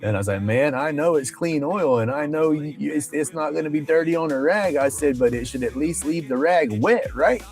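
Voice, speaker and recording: A man's voice: a little high, brisk, few pauses, a little mellow. Brief: livestream host, man, casual and profane storyteller, faint background music. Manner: rambling, colloquial, profane, with Southern phrasing.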